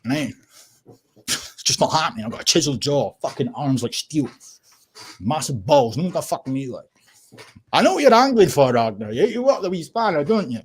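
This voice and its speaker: A man's voice: fairly high pitch, very animated, fairly quick, long pauses, slight background noise. A Scottish man hosting a casual livestream, rambling and swearing, laughing often as he clicks through tabs. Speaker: livestream host.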